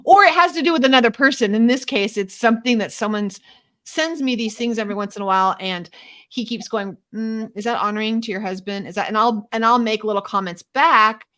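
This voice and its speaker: A woman's voice: fairly high pitch, a little fast, a bit bright. A middle-aged woman hosting a casual faith discussion, chatty and self-deprecating, acting out little prayers and inner dialogue as she talks. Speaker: host of a Torah study show.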